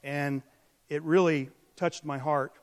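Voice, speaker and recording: A man's voice: on the high side, fairly even intonation, slow. Earnest preaching man in a reverberant hall. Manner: earnest, rises to loud emphatic peaks then drops soft. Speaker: pastor. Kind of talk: sermon.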